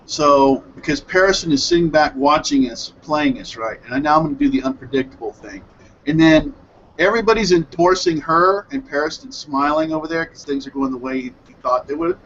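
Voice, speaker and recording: A man hosting an online hangout, excitedly recapping an anime episode in a rambling, self-correcting way over a headset mic on a video call. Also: on the high side, a little fast, highs cut off, a little hiss or hum. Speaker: hangout host reviewing anime. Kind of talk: casual group hangout chat.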